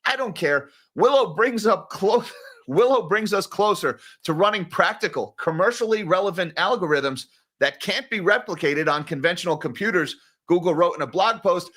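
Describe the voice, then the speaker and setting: Bright-voiced sarcastic male finance commentator. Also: high-pitched, normal speed. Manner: sarcastic, exasperated asides; conversational, with fillers and restarts. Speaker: finance channel host. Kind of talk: casual market commentary reading news aloud.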